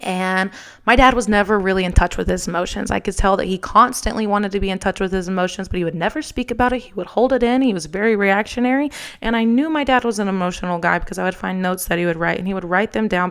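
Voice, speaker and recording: A young adult woman hosting her own show, telling a personal story in an animated, frank way with casual swearing. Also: mid-range voice, quick pace, smooth. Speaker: podcast host.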